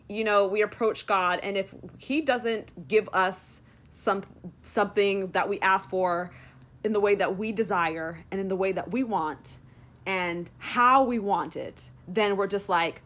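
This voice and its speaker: A woman chatting through a faith vlog at a middle pitch, wandering from thought to thought with lots of fillers. She acts out her own complaints with sudden dramatic swings in her voice. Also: measured pace, fairly bright tone. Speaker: Christian vlogger. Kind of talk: casual devotional vlog. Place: in Texas.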